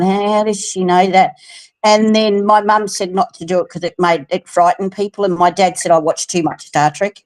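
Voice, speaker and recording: A woman's voice: medium pitch, a little mellow, rough recording. Older woman, Australian accent, just over a flu, chatty storyteller, video call audio. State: recovering from flu. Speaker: guest.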